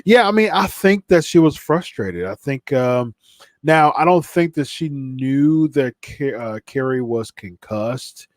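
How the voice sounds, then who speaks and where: A man's voice: medium pitch, animated, measured pace, no echo. A man hosting a live podcast stream, chatting casually in a rambling way full of fillers and restarts, a little stuffy from a cold. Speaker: podcast host.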